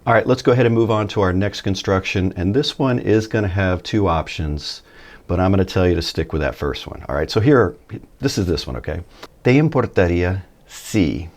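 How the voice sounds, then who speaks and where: A man giving a relaxed, chatty video lesson, with folksy asides, a little tired early in the morning. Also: low-pitched, brisk. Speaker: Spanish teacher.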